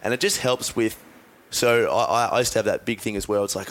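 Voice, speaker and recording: Low-voiced, relaxed Australian man. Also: a little fast. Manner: relaxed, rambling, with frequent fillers. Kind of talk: casual podcast chat.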